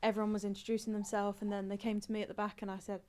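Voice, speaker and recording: A woman in her twenties from England, chatting casually as a footballer guest, trailing off softly at the ends of phrases. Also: mid-range voice, monotone, very fast. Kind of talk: casual chat.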